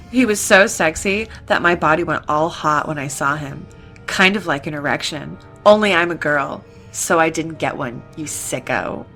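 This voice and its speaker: A young woman reading fan fiction aloud for laughs, with animated, giggly narration. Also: deep voice. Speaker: reader. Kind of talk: comedic fanfiction reading.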